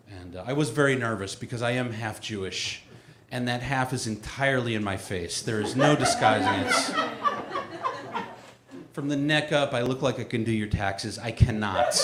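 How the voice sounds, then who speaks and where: A man in his forties performing a stand-up comedy set in a live venue, telling stories with lively acted-out quotes. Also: medium pitch, roomy sound, slight background noise. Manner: animated storytelling with acted-out quotes. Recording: live room with loud audience laughter. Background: audience laughing.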